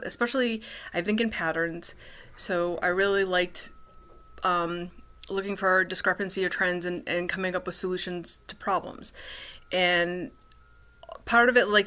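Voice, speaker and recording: A woman vlogging about her life, speaking haltingly with many fillers and restarts. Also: medium pitch, sharp tone. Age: middle-aged. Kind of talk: casual personal vlog.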